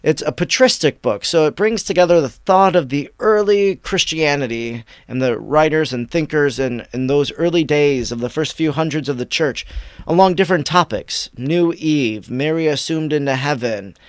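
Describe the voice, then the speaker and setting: A man hosting a devotional podcast, reading tweets aloud and reflecting on them in warm commentary. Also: fairly high pitch, moderate pace, dry recording, studio quality. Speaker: podcast host.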